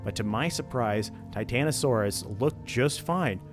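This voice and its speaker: Reading a horror story aloud in a relaxed way, this man keeps stopping to crack jokes and laugh. He speaks at a medium pitch, animated and unhurried, over faint background music.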